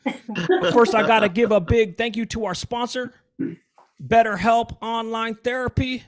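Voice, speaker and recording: A man's voice: very high-pitched, a little slow. A man doing improvised stand-up, riffing absurdly and chatting with an online audience. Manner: goofy, deadpan absurd riffing, chats with audience. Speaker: stand-up comedian. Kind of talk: improvised stand-up with crowd work. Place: live-streamed comedy show, audience on video call. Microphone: video call mic.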